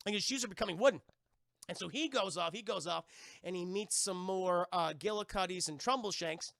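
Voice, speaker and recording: High, gravelly rambling cartoon reviewer. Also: male voice, brisk, fairly bright tone, no room sound, studio quality. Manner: rambling, full of "like" and "you know", swears. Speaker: cartoon reviewer streaming to chat. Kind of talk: casual scene-by-scene recap.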